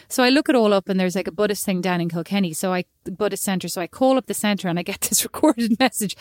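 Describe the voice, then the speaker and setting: An Irish woman telling a long, animated, self-mocking story in casual chat, often slipping into quoted voices. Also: mid-range voice, fast talker, no echo, clean studio sound. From Ireland.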